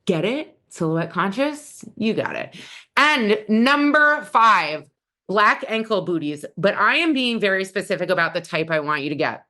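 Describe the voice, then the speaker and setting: A woman's voice: mid-range voice, sing-song, unhurried, bright, forceful tone. A middle-aged woman stylist giving blunt, opinionated fashion advice in a casual how-to talk.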